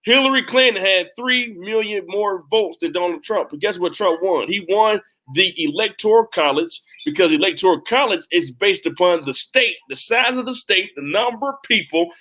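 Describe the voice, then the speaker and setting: Young guy hosting political commentary, high bright voice, emphatic, keeps repeating himself. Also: lively intonation, normal speed, few pauses. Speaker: host.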